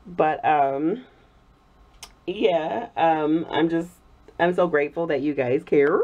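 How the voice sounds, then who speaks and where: A woman vlogger chatting casually while making soap, her voice hoarse from a cold. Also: deep voice, slow pace, pauses often. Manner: chatty, warm thanks to viewers, frequent laughs. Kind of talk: casual chat while crafting. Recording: dull lo-fi recording.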